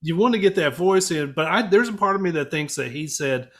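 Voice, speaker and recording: A man's voice: on the high side, lively intonation, fairly quick, fairly bright tone. Chatty, agreeable man co-hosting. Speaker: podcast co-host. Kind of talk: casual chat.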